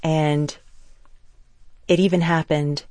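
An interviewer asking reflective questions in a measured way. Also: medium pitch, flat delivery, a little mellow, no room sound.

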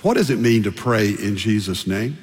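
A man's voice: on the low side, expressive, moderate pace. An older man preaching a sermon as pastor, emphatic and building his points through repeated phrases. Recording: long reverb of a large hall.

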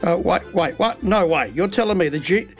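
A man's voice: sits high, lively intonation, moderate pace, soft background music. A man co-hosting a radio show, teasing and playfully skeptical, laughing often. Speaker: radio co-host. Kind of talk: casual banter on air.

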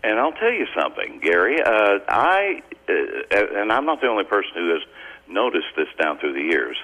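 A man's voice: fairly low pitch, huge pitch swings, normal speed, bright, forceful tone, low-quality recording. A man, co-hosting a casual radio chat in a chatty, colloquial way. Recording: radio broadcast.

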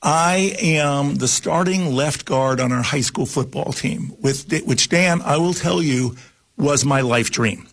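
A man in his sixties from New Jersey, a guest telling a long story on a talk show in an animated, rambling way, with restarts and asides. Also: fairly high pitch, slow.

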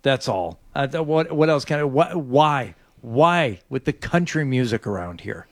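A man co-hosting a morning radio show, close and dry on the studio mic. He speaks at a middle pitch and drops in wry, deadpan comments. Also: measured pace, dry recording. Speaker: radio co-host.

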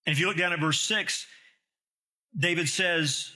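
A man's voice: on the high side, a little slow, long pauses, sharp tone. A man preaching a sermon as a pastor, emphatic and full of rhetorical questions.

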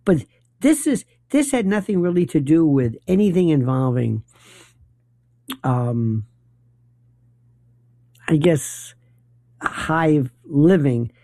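A man's voice: on the high side, lively intonation, slow pace, pauses often, warm tone, dry recording. A middle-aged man hosting a late-night talk radio show, delivering a rambling, opinionated and wry monologue.

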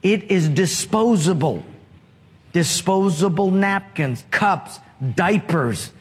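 High-voiced slow-preaching pastor, echoing hall. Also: male voice, expressive, slightly rough. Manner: storytelling, asks the congregation questions. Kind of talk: sermon. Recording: long hall reverb.

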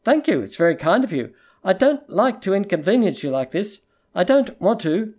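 A narrator voicing a tearful, unwell woman who pleads timidly and then threatens in a hushed, tense voice. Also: mid-range voice, big pitch swings, normal speed, pitched above the performer's own voice. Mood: timid pleading. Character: desperate unstable woman, former employee. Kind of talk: audiobook character reading.

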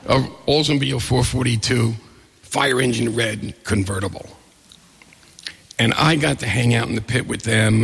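A middle-aged man with a deeply gravelly, very husky voice tells a personal story on a stage. He is lively and acts out the other people in his story. His voice rings with a long hall reverb. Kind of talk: live storytelling.

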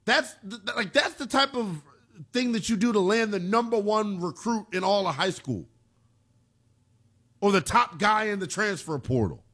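A young man hosting a sports talk radio show, playful and animated, often laughing. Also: high voice, moderate pace. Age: young adult.

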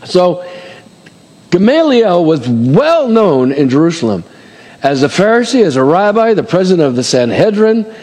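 A middle-aged male pastor with a fairly high voice delivers a folksy, conversational sermon full of asides and fillers. His words ring out with a long reverb, as in a large hall. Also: very animated, moderate pace, darkish tone.

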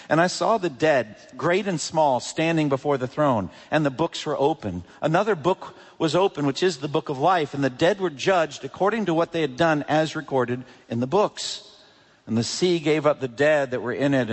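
Man, pastor preaching, mid-pitched voice, emphatic rises and hushed drops, long hall reverb. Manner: emphatic preaching with sharp swings between loud peaks and hushed drops. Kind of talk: sermon.

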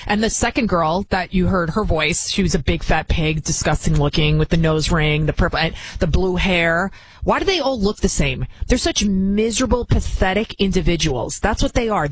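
A woman's voice: on the low side, slight background noise, low-quality recording. A woman hosting an opinion commentary show, indignant and prone to repeating words when heated.

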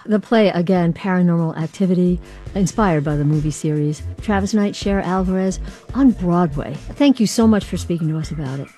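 A woman hosting an interview, asking lively, animated questions and laughing along with her guests. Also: fairly low pitch, fairly quick, soft background music. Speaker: interviewer host. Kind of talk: radio interview.

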